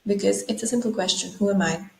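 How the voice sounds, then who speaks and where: A woman's voice: medium pitch, quick pace, creaky, slight background noise. Thoughtful woman guest, echoey room. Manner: thoughtful, explanatory, asks rhetorical questions. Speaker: guest speaker. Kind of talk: conversational explanation. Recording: roomy echo.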